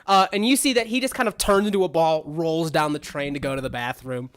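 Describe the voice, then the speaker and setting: A man's voice: fairly high pitch, fairly quick. A man narrating as game master of a tabletop game, rambling with many restarts. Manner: rambling, lots of fillers and restarts.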